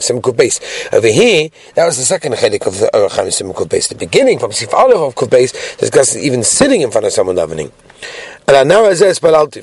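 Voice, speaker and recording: A man giving a daily Talmud class, animated, mixing Hebrew phrases into English and asking rhetorical questions. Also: a little high, no room sound. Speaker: Talmud teacher.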